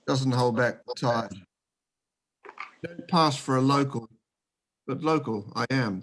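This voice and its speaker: A man with a New Zealand accent reads his own poem aloud over a video call, in a slow, measured recital. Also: medium pitch. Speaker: poet reading his poem. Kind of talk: poetry reading.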